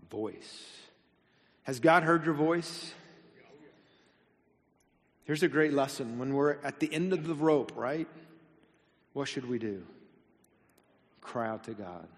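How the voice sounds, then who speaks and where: A male pastor preaching a sermon, reading scripture slowly and adding casual, lightly humorous asides. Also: medium pitch, big-room sound. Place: church sanctuary.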